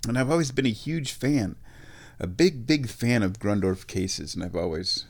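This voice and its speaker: A man's voice: medium pitch, expressive, normal speed. A middle-aged man telling rambling personal stories in a chatty, self-mocking way, laughing at his own jokes.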